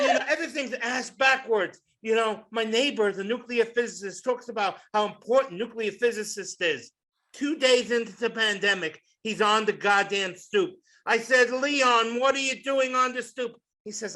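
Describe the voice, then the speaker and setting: A man in his sixties doing a stand-up comedy set in a club, with a loud, punchy delivery, swearing and shouting his punchlines. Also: extremely high pitch, brisk. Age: 60s.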